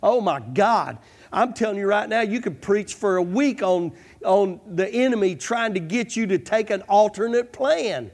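A man's voice: high-pitched, expressive, normal speed. A man preaching a fervent sermon, repeating "come on" and "I'm telling you" as he presses his points. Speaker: pastor.

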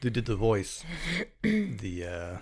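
Blunt, slightly low-voiced man on a podcast. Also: huge pitch swings, takes it slowly. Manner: blunt and opinionated, swears freely. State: tired from recording late at night. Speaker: podcast co-host. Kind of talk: casual chat.

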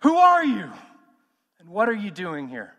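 A man voicing a Roman centurion who booms a challenge at the gate. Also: big pitch swings, brisk, a bit bright, long reverb tail. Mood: booming challenge. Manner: booming, challenging.

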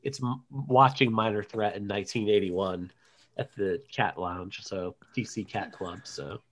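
A man hosting a casual film podcast over a call, joking and sometimes dropping to a low mutter. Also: fairly even intonation, measured pace, a bit bright. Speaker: podcast host.

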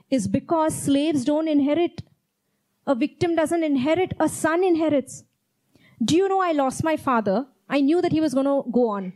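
A woman's voice: sits high, a little mellow, rough recording. A woman preaching a sermon, reading Bible verses aloud and repeating key phrases with earnest emphasis. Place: church.

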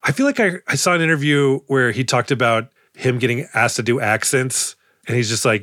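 A man's voice: medium pitch, fairly quick, sharp tone, no room sound. Chatty man with a dry close sound. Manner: rambling, self-correcting, laughs often. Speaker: podcast co-host. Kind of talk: casual chat.

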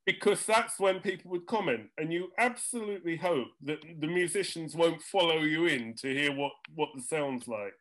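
A man's voice: fairly high pitch, moderate pace, hardly any pauses, a bit bright. An older man, a jingle composer, tells studio stories in a chatty talk show. He has dry comic timing and acts out other people's lines. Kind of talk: anecdotal storytelling chat.

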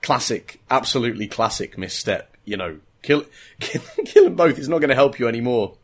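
A husky-voiced man chatting casually on a podcast, tossing in wry jokes and dry commentary. He often drops into mock voices for a quick gag. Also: mid-range voice, lively intonation. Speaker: podcast co-host. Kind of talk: casual chat about a novel.

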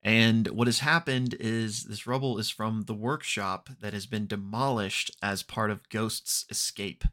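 A man hosting a podcast, casually recapping an actual-play episode with many ums and quick acted-out quotes. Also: fairly low pitch. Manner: relaxed, unhurried retelling with frequent ums and throat clearing; briefly acts out characters' lines in quoted voices.

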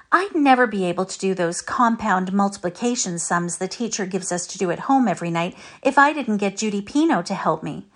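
A woman's voice: medium pitch, voice pushed up, close to an everyday voice. A woman reading a gloomy young girl. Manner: plaintive, sighing.

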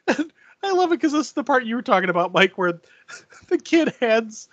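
A man's voice: very high voice, normal speed, dry recording, dull audio. A man co-hosting a podcast, recapping a film scene by scene in casual chat and laughing often. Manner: laughs often, lively storytelling with restarts.

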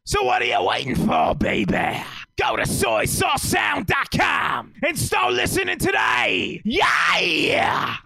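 A man playing a brash hype-man announcer, shouting a crude comic radio ad. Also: very high-pitched, wildly swooping pitch, takes it slowly, gravelly, hardly any pauses, no room sound, studio quality, faint music behind, heavily acted. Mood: hyped.

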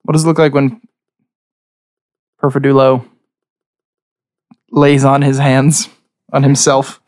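A man acts as game master, describing the scene in a loose, chatty way and often circling back to restart a phrase. His voice sits at an ordinary middle pitch. The recording is close and dry, with no room sound. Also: level tone, slow, darkish tone, no room sound. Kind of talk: narrating a tabletop game.

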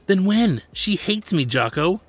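A man's voice: mid-range voice, brisk, fairly bright tone, soft background music, pitched above the performer's own voice, lightly acted. A man voicing a hot-tempered, lovesick young man, speaking with frustration. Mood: heated. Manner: heated, frustrated.

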